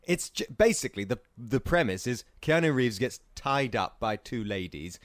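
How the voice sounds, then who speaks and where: A man co-hosts a film podcast from a studio, with an animated voice that swings up and down. He is jokey and laughs often. The recording is close and dry. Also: medium pitch, normal speed, no echo. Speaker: podcast co-host. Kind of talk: casual film review chat.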